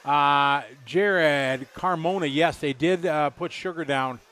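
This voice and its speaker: A man's voice: fairly high pitch, slow pace, fairly bright tone, clean tone. A middle-aged man doing live race commentary, chatty and rambling, joking with viewers.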